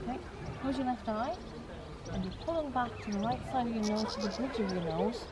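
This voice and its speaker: A woman instructing at an archery range outdoors, calm and encouraging, step by step. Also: on the high side, a little fast. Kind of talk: giving instructions. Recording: loud outdoor background noise.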